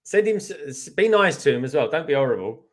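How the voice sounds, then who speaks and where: A man, a guest on a casual livestream, telling loose rambling anecdotes in a relaxed way. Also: a little high, fairly quick.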